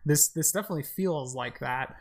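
A woman's voice: low voice, a little fast, slightly rough. A woman giving chatty, exasperated, joking commentary while playing a co-op game. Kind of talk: casual co-op gameplay commentary.

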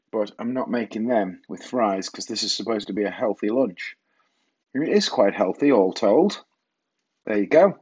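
A man's voice: mid-range voice, darkish tone, slightly rough, lo-fi sound. A middle-aged man hosting a rambling solo podcast from his kitchen, self-mocking and casually swearing. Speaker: podcast host. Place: home kitchen.

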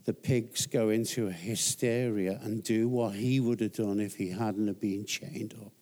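Guy preaching, slow and emphatic, mid voice. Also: steady tone, a little mellow. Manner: storytelling, emphatic, rises in pitch for emphasis. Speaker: guest pastor. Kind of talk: sermon.

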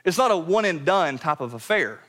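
A man preaching a sermon to his church, earnest and direct, often dropping to a quiet low voice to drive a point home. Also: very animated, brisk. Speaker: pastor. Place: church sanctuary.

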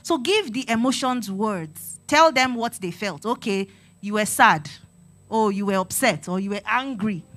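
A woman's voice: medium pitch, animated, unhurried, fairly bright tone. A woman giving a sermon-style talk to a congregation, earnest and exhorting, repeating her phrases and acting out talks with her children. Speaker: church speaker on parenting.

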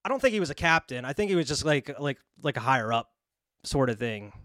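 A man's voice: mid-range voice, sing-song, fast, fairly bright tone, no room sound, clean studio sound. A man hosting a film podcast, chatting casually, laughing often and swearing. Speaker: podcast host. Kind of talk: casual chat.

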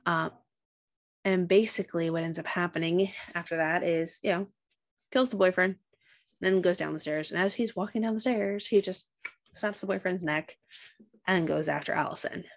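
Woman, podcast co-host, casual recap, slightly low voice, acts out quotes. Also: moderate pace. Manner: animated retelling, acts out quotes.

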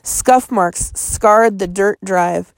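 Female audiobook narrator, suspenseful, slight fry, dry booth sound. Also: mid-range voice, very slow, no echo. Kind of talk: storybook reading.

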